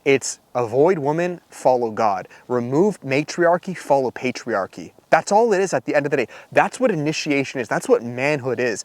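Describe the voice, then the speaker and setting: A man gives a preachy talk straight to camera in a casual way. He is animated and packs his speech with fillers and rhetorical asides. His voice sits mid-pitched, and the sound is close and dry. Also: moderate pace, few pauses, dry recording. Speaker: Christian men's coach.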